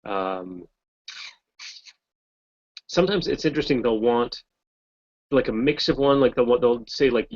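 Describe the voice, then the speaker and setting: A voice actor from Massachusetts chatting casually on a video call, rambling and correcting himself with a wry tone. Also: male voice, mid-range voice, measured pace, long pauses, dry recording, lo-fi sound. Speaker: voice actor guest. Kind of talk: casual chat in a video hangout.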